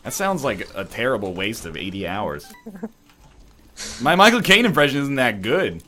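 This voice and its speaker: At home in his apartment, a man hosts a let's play, bantering casually with wry sarcasm as he games. His voice is medium-pitched and sing-song, sharp in tone, moving at a moderate pace.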